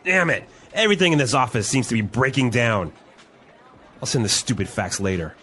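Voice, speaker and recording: An actor playing a flustered office worker who is not good with machines and grumbles when things break. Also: male voice, mid-range voice, expressive, brisk, bright, forceful tone, a little hiss or hum. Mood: frustrated. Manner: exasperated, grumbling outbursts. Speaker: dialogue character.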